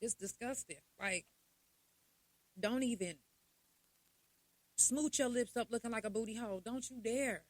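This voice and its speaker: Woman podcast host, young adult, blunt and profane, animated, fairly high pitch. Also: a little slow, long pauses, no echo. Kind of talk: casual monologue.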